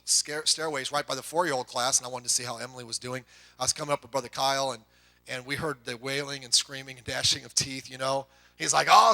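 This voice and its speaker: A middle-aged man preaching a sermon to a congregation, telling folksy family stories with quick asides. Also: fairly high pitch, bright, forceful tone. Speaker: pastor.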